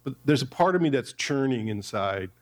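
A man's voice: medium pitch, expressive, moderate pace. Man preaching a conversational sermon. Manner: conversational, with asides to the congregation. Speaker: pastor. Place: church.

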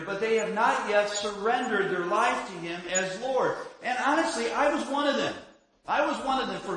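A man's voice: high voice, fairly bright tone. Man preaching in a very echoey church. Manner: storytelling, with sing-song dips and emphatic repeated questions. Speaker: pastor. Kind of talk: sermon. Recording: very echoey room.

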